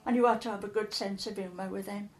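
A woman's voice: mid-range voice, fairly even intonation, fast talker, roomy sound. An older woman, telling stories in an interview in a chatty way, often repeating words as she recalls. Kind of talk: casual storytelling.

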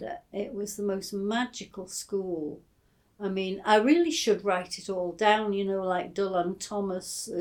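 A woman's voice: on the low side, mellow. An older woman from England telling childhood memories in an oral history interview, hesitant and full of fillers, fond as she tells her stories. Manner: hesitant, many fillers and restarts; fond, storytelling.

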